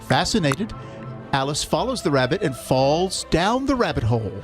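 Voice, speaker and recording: A man hosting a morning radio show, reading a storybook summary aloud in a measured storytelling way and pausing for sound effects. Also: fairly high pitch, big pitch swings, over music. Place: radio studio.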